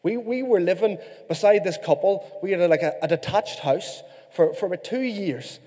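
A man from Ireland preaching a sermon, his voice high and mellow. He is animated and playful with the congregation, and his words carry a long hall reverb. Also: normal speed. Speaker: pastor.

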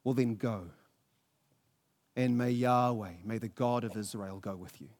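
A man voicing a weary older king who talks gruffly, bluntly and scoffingly. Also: high-pitched, huge pitch swings, normal speed, heavily acted. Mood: solemn. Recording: long echoey reverb.

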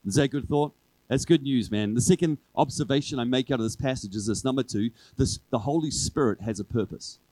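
A man preaching a sermon to his church in a relaxed, conversational way, driving his points home with repeated refrains. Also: medium pitch, a little fast, dry recording, rough recording. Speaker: pastor. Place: church service with a congregation.

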